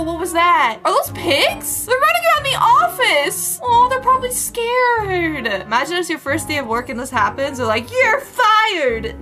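A woman hosting a reaction video, commenting on viral clips with gasps and exclamations. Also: very high voice. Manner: animated, gasping and exclaiming. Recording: music playing underneath. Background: background music.

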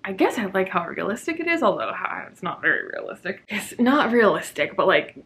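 A woman vlogs at home about a book she is reading, recorded on her camera mic. Her talk is casual and sarcastic, with free swearing and frequent laughs. Her pitch sits in the ordinary middle for a woman. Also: big pitch swings, brisk, a bit bright. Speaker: book vlogger.

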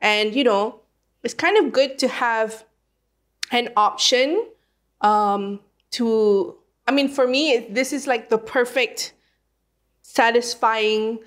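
Young woman from Malaysia, guest baker, higher voice, gushing and enthusiastic. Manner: enthusiastic, effusive, many "like" fillers. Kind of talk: casual chat.

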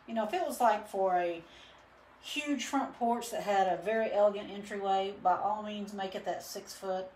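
A woman with a medium-pitched, slightly mellow voice runs a live painting demo at a moderate pace, chatting casually and rambling with many fillers. She's a painting instructor who owns her studio, and the audio carries a roomy echo plus a little hiss or hum.

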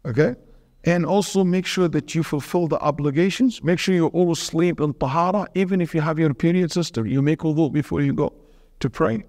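A man's voice: fairly high pitch, fairly quick, a little mellow, long reverb tail. A man, a sheikh, teaching a religious lesson, earnest and storytelling, putting questions to his audience and answering them.

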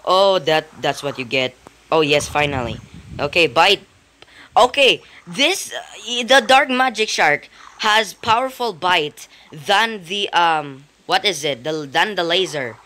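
Excitable, lively-pitched game commentator. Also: takes it slowly. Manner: excitable, frequent startled exclamations; rambling, with frequent restarts and giggles. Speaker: gameplay commentator. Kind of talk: casual gameplay commentary.

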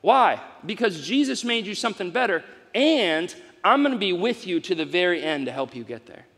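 Man, pastor, high voice, live sermon, loud-to-soft delivery, long church reverb. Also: very animated, moderate pace, breathy edge. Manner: preaching with swings from loud exclamations to soft asides. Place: large church hall.

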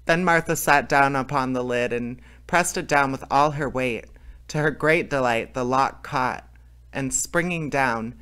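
A man's voice: medium pitch, sharp tone. A man reading a fairy tale aloud as host of his story channel, friendly, with small slips he corrects.

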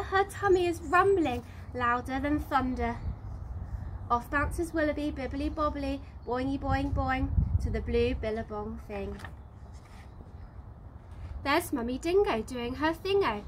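A woman teacher reading a picture book aloud outdoors, bouncy and expressive with the rhymes. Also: high voice, a little slow, a little hiss or hum, rough recording. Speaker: infant school teacher. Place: outdoors in the sunshine.

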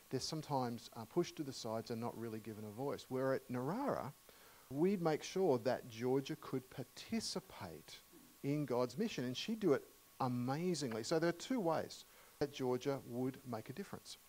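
A middle-aged Australian man preaching a sermon in a church, telling humorous stories warmly with many fillers and restarts. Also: mid-range voice, poor audio. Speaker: guest preacher. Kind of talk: storytelling sermon.

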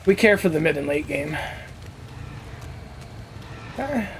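A man's voice: on the high side, animated, unhurried, a little hiss or hum, low-quality recording. A man giving casual gameplay commentary as a channel host, talking cocky trash with plenty of swearing.

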